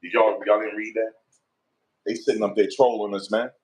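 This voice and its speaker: A man doing casual vlog commentary, animated and slangy, repeatedly pleading with viewers for likes. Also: on the low side, moderate pace. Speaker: online commentator.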